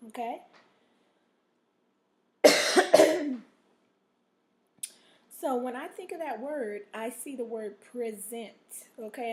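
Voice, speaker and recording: High-voiced teacher woman checking "okay?". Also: a little hiss or hum. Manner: patient, repeats "okay?" to check in; models expressive reading aloud. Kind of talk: recorded reading lesson for children.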